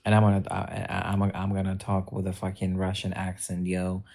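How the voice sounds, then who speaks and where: A woman's voice: rumbling low, completely flat delivery, moderate pace, gravelly, warm tone. A woman streamer chatting casually with her viewers, blunt, joking and swearing freely as she talks back to the chat. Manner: addresses chat directly. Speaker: livestreamer.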